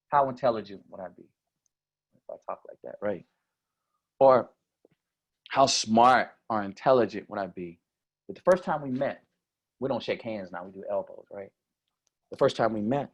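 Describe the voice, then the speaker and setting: Husky-voiced man giving a keynote. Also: lowish voice, moderate pace, long pauses. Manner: energetic, questioning the audience. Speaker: keynote speaker. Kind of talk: conference keynote speech.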